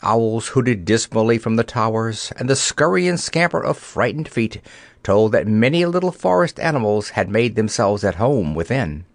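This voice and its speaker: A man reading a children's fantasy book aloud as narrator, in an expressive storytelling way. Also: fairly low pitch, normal speed, no echo. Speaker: audiobook narrator.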